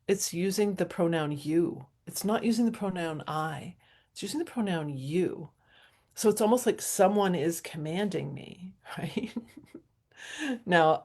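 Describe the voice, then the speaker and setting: Brief: middle-aged woman, slightly low voice, relaxed reflective chat, easy laughs. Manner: chatty, thoughtful, frequent fillers and little laughs. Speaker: speaker sharing self-help reflections. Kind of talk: casual reflective talk.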